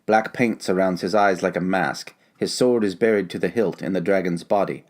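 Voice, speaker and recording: A man narrating the stage directions of a fantasy audio drama in a plain, even manner. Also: deep voice, moderate pace.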